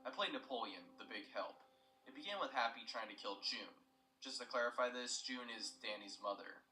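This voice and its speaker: A man's voice: mid-range voice, moderate pace, bright, forceful tone, echoey room, far from the mic, soft background music, rough recording. A young man retelling a story in scripted narration, plain and matter-of-fact with asides.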